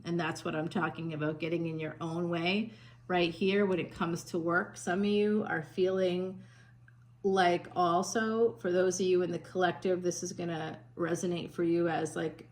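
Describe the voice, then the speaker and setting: On a poor recording, a woman with a lowish voice gives a chatty psychic tarot reading, calling the listener warm pet names and stumbling through fillers and restarts. Her accent starts Northern US and drifts Southern.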